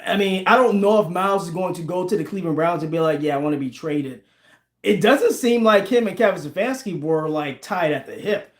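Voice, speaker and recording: Male livestream host, 40s, high-pitched, laughs and banters with chat, echoey room. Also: a little fast, hardly any pauses. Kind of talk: casual livestream chat, reading viewer comments. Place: home room with a team flag behind.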